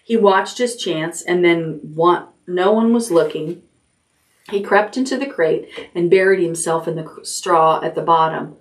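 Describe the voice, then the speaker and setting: A woman librarian reading a children's chapter book aloud at bedtime, gently, raising her voice for the characters' lines. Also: measured pace. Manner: gentle storytelling, lifts pitch for character lines.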